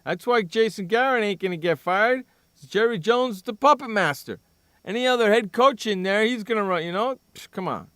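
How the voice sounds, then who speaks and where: Ranting sports radio host. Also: male voice, sits high, expressive, normal speed, a bit bright, smooth, dry recording, clean studio sound. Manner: blunt, ranting, sarcastic. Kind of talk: opinionated sports talk radio.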